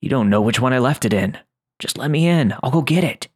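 A man voicing a frantic, grimy older drifter, with a raspy voice, in a horror story reading. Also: medium pitch, animated, brisk, voice pushed up. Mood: urgent.

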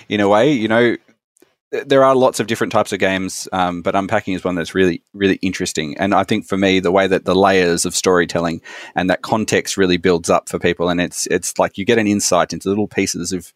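A man's voice: low-pitched, no echo, clean studio sound. A man hosting a podcast interview, asking long, rambling questions. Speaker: podcast host.

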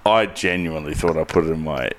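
A man's voice: extremely low pitch, fast talker, fairly bright tone. A young man co-hosting a podcast, blokey and swearing freely as he calls everyone mate. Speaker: podcast co-host. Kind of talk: casual chat.

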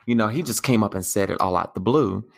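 A man's voice: on the low side, quick pace, vocal fry. Plainspoken man answering point by point. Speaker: interview guest. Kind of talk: casual interview chat.

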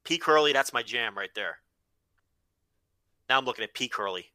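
A man's voice: mid-range voice, lively intonation, normal speed, pushed and bright, no room sound. A man co-hosting a podcast in loose, profane, joking chat. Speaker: podcast co-host. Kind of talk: casual chat.

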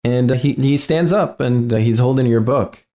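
A man narrating as game master of a tabletop game in a relaxed, easygoing way. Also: mid-range voice, normal speed.

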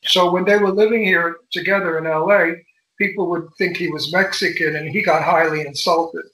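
Bright-voiced older man, echoey room. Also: fairly high pitch, normal speed. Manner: animated, bawdy storyteller. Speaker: guest. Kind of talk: casual interview chat.

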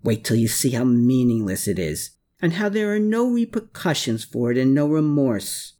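A man's voice: mid-range voice, very animated, moderate pace, mellow, close to an everyday voice. A man reading aloud, voicing a bitter, contemptuous man who snarls his lines in a raised voice. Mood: cold taunting.

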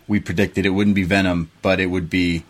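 A man with a lowish voice talks through a wrestling event in loose, chatty podcast banter. He is from Canada and keeps a steady running recap for his co-host. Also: fairly quick. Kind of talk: casual wrestling review chat.

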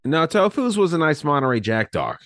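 A man's voice: on the high side, sing-song, brisk, a bit bright. Swearing, rambling male podcast host. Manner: rambling, swears casually, reads from notes. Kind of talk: casual podcast chat.

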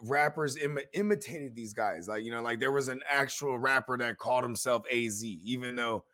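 A man's voice: medium pitch, a little fast, pushed and bright. Rambling man co-hosting a podcast. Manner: loose, rambling, keeps asking "you know what I mean". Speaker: podcast co-host. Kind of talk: casual chat.

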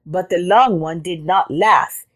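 A woman hosting a children's story channel, reading a storybook aloud with expressive sound words. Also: fairly low pitch, slow. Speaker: storyteller host.

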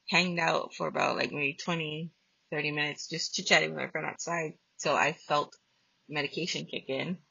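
A woman's voice: deep voice, creaky, pushed and bright, husky, dry recording. A woman podcast host telling a personal ghost story in a blunt, profane, casual way. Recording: dull lo-fi dry recording.

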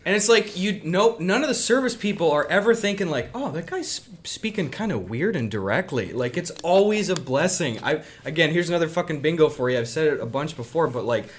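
A young man co-hosting a podcast, telling funny stories in casual chat and slipping into loud, laughing impressions. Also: fairly high pitch, brisk, hardly any pauses. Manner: animated storyteller, bursts into loud laughing impressions. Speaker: podcast co-host.

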